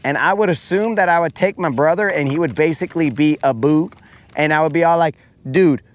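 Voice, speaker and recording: A man's voice: fast, no room sound. A man hosting a fishing livestream, chatting casually and animatedly with viewers in slang and acting out quoted voices. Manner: animated storyteller, slangy, acts out quotes in a higher voice.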